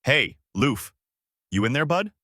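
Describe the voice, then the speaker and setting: A man playing a good-natured young fighter in a fan-made audio story, relaxed and friendly, his voice only lightly lifted. The recording is dry and close. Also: medium pitch, unhurried, no room sound, voice pushed up, heavily acted. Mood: easygoing. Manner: easygoing, friendly. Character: cheerful carefree young male fighter.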